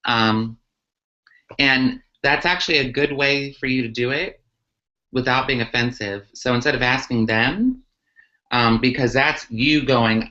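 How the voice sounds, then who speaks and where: Speaking at a measured pace with an extremely low pitch and sharp tone, a woman who is a transgender activist responds sincerely to questions in a live online session. Her answers are full of ums and restarts, heard through muffled, low-quality livestream audio.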